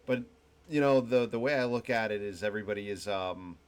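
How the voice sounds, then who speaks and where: A young man hosting a live stream, talking in a halting, reflective way with many restarts and fillers. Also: fairly low pitch, clear, resonant tone. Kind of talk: rambling reflective monologue to chat.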